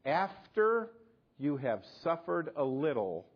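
A man preaching a sermon, asking rhetorical questions and swinging between loud emphasis and hushed, quiet lines. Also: fairly high pitch, sing-song, slow pace, slightly rough, lo-fi sound. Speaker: pastor.

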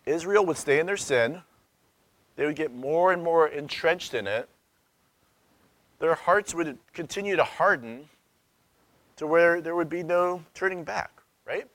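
A man in his thirties preaches in a casual, searching tone, posing questions to his listeners and now and then jumping up in volume for emphasis. His voice sits a bit higher than most men's, and the sound is close and dry. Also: measured pace, long pauses, no echo. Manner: conversational, searching, with rhetorical questions and sudden loud emphasis. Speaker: pastor. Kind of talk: sermon.

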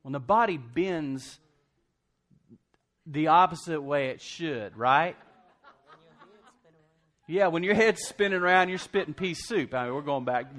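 A man preaching a sermon at an ordinary middle pitch, in a loose conversational style. He jumps into asides and humor and often restarts his sentences, keeping the storytelling animated. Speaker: pastor.

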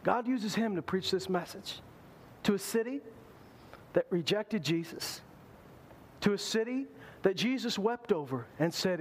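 A male pastor preaching a sermon in an animated way, acting out the voices he quotes. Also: high voice, unhurried, a little hiss or hum.

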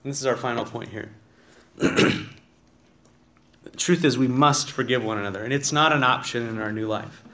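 A man's voice: medium pitch, normal speed, pauses often, bright, forceful tone. Man preaching a conversational sermon. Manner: conversational preaching, reads scripture aloud, asks the congregation questions. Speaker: pastor. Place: church sanctuary.

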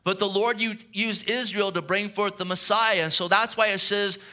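A man's voice: sits high, fairly even intonation, normal speed, pushed and bright. A man preaching a sermon, asking the listeners earnest questions and reading scripture aloud. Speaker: pastor.

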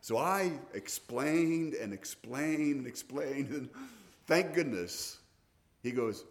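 A middle-aged man delivers a sermon in an easy, storytelling manner. His voice sits at an ordinary pitch, and he often stops and restarts his phrases as he talks through a point. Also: lively intonation, slow. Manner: conversational storytelling with frequent restarts. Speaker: pastor.

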